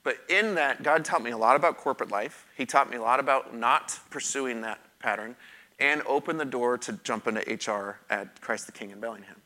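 A middle-aged pastor preaches a sermon that includes personal testimony, telling his own story candidly and conversationally with emphatic repetition. His medium-pitched voice has a sharp tone and moves fairly quickly.

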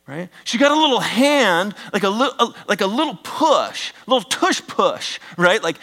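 Animated preacher man, higher voice. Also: normal speed. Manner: animated, swings from loud emphatic bursts to hushed near-whispers; joking asides to the congregation. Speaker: pastor. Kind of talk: sermon.

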